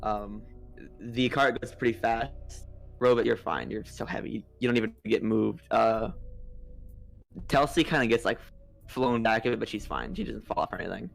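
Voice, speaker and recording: A young man narrating as dungeon master, halting with many fillers and restarts. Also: lowish voice, creaky, soft background music. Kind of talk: narrating a tabletop game over a voice call.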